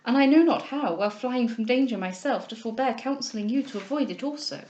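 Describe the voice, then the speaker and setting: A woman reading aloud voices a poised young heiress with a gentle, formal way of speaking. Her tone stays measured and kindly but firm. The voice sits on the high side. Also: lo-fi sound, natural voice. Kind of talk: audiobook character reading.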